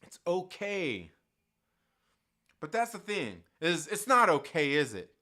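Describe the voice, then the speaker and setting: Speaking slowly but with a very animated, fairly high voice that sounds pushed and bright, a man rants at his channel's audience. The unscripted tirade is heated and full of profanity. He ridicules others' views by quoting them in a put-on voice.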